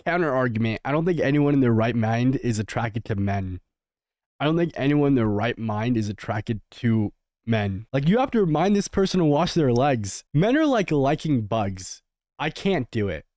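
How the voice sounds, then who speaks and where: A young man reacts to a clip in casual commentary, tossing out candid, jokey asides. His voice is mellow and swings lively up and down. The sound is close and dry. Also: medium pitch, moderate pace, no room sound.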